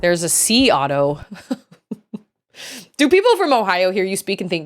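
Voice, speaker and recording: A woman's voice: mid-range voice, wildly swooping pitch, measured pace, faint music behind. A woman from Utah streaming a game, rambling chattily and laughing often as she plays. She enunciates carefully, with hard R's. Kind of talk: casual chat while playing a game.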